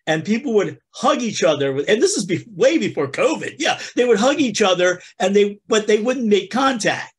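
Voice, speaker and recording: Husky high-voiced man telling comic stories. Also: big pitch swings, moderate pace, hardly any pauses. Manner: playful, addresses listeners as folks. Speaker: podcast host. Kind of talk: comic storytelling.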